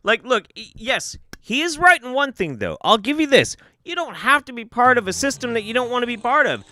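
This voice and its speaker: A young man streaming live reaction commentary, ranting and swearing, swinging between loud outbursts and muttered asides. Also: very high voice, sing-song, fairly quick, no room sound, clean studio sound.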